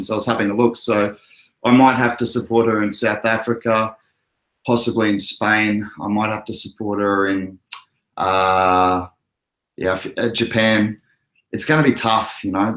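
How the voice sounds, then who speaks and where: A man's voice: fairly low pitch, a bit bright. A young Australian man from Queensland hosting a crypto livestream, chatting casually and answering his viewers' messages. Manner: laid-back, chatty, answers chat messages. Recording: echoey room.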